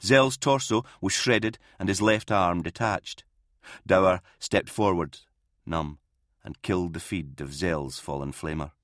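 A male audiobook narrator with a lowish voice, reading in a measured, grave storytelling manner. The recording is close and completely dry. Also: fairly bright tone, no room sound. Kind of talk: scripted narration.

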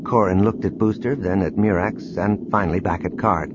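A man reading a novel aloud as an audiobook narrator, in a measured, even storytelling manner. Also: on the low side, lo-fi sound, heavy background noise. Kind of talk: scripted narration.

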